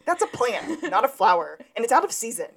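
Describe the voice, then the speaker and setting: A woman's voice: on the high side, very animated, a little fast, creaky, a bit bright, slightly rough. A woman co-hosting a podcast, casually recapping a TV episode from her notes and laughing along. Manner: retells scenes from notes, laughing often. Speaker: podcast co-host.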